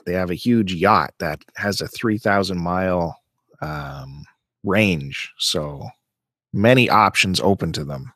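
A man co-hosting a podcast in casual chat, who bursts into animated, exasperated rants. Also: low-pitched, slow, creaky, dry recording, clean studio sound. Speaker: podcast co-host.

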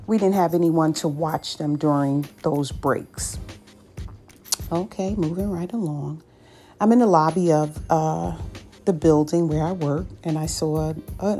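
Low-pitched, mellow-voiced woman podcaster. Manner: conversational, anecdotal, then preachy and emphatic. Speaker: podcast host. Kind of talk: faith-based storytelling talk.

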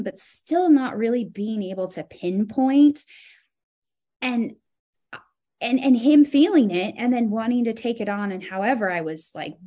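A woman guest on a podcast talks in a casual, lively, expressive manner, and her pitch rises sharply whenever she describes how she felt.

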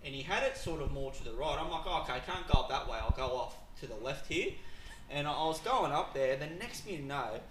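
A man telling stories as a podcast guest in casual chat, animated, acting out dialogue and laughing often. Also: a little high, brisk, echoey room, background noise.

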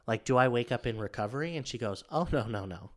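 A man's voice: medium pitch, animated, fast. A man telling a story in a casual chat, rambling with many fillers and acting out what others said. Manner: rambling, filler-heavy, acts out quotes.

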